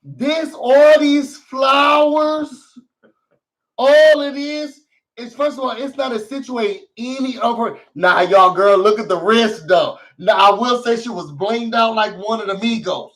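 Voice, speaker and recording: A man's voice: high voice, moderate pace, fairly bright tone, recorded from a distance, low-quality recording. A man hosting a casual recap vlog, talking to his viewers in a sassy, theatrical way. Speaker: show recap host.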